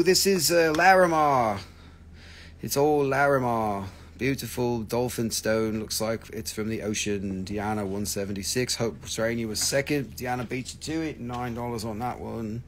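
A man hosting a live stream where he sells rocks, gushing excitably over each stone, swearing freely and bantering with viewers. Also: mid-range voice, a little hiss or hum. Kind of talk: live sales stream chat.

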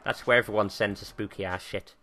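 A British man hosting a gaming channel, giving live gameplay commentary with excitable, sweary banter aimed at the characters on screen. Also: fairly low pitch, brisk, noisy background.

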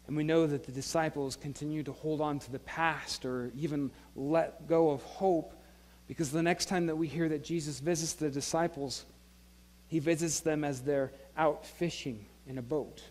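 Male pastor, sermon, conversational retelling with voiced characters; slightly high pitch, reverberant hall. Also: fairly even intonation, normal speed, darkish tone. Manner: retells scripture in casual dialogue, acting out voices. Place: church sanctuary.

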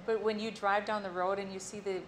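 A woman's voice: mid-range voice, level tone, brisk, a little hiss or hum. A woman hosting a casual chat in a folksy way, wrapping up the show. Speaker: host.

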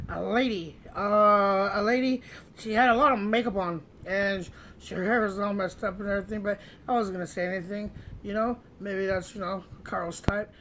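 A man's voice: sits high, fairly bright tone, a little hiss or hum. A man telling a comic anecdote in a rambling way, with many restarts and fillers. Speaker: storyteller.

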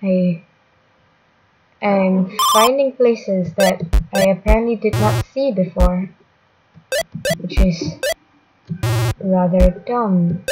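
A woman's voice: mid-range voice, slow, pauses often, poor audio. A woman commenting on her own gameplay, muttering to herself and mocking herself, with sudden exclamations. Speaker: gaming channel host. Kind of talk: let's-play gameplay commentary. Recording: loud electronic game music behind.

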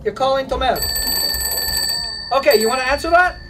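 A man's voice: extremely high pitch, moderate pace, distant mic, very noisy. A man running a playful, teasing demonstration for a class of children, joking and laughing often. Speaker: museum presenter. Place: school room with children.

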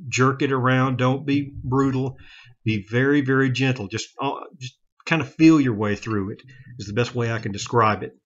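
A man's voice: mid-range voice, dull audio. Plain-spoken man explaining a revolver teardown. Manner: plain-spoken, halting, frequent restarts and self-corrections. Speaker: gun hobbyist demonstrating revolver repair. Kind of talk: casual how-to demonstration.

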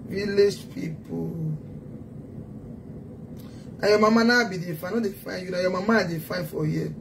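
A woman's voice: on the low side, quick pace, noisy background. A woman with a Nigerian accent delivering a heated, taunting social media rant as a self-styled activist. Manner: taunting, scolding, emphatic.

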